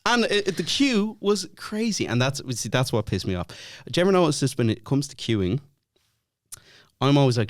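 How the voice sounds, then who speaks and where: A man's voice: mid-range voice, moderate pace, dry recording. An Irish man chatting as a podcast guest, laughing and swearing a lot as he tells stories. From Ireland. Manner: laughing, swearing, animated storytelling. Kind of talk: casual chat.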